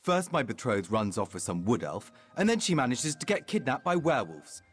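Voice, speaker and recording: Pompous, husky elf nobleman. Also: mid-range voice, very animated, fairly quick, faint music behind. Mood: haughty. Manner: pompous, aloof and disdainful. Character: haughty high elf nobleman, vain and self-absorbed. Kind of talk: game voice acting.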